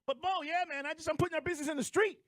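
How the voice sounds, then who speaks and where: A man hosting a sports talk radio show from a studio, telling stories in an animated, emphatic way. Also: very high-pitched, rapid-fire, no echo.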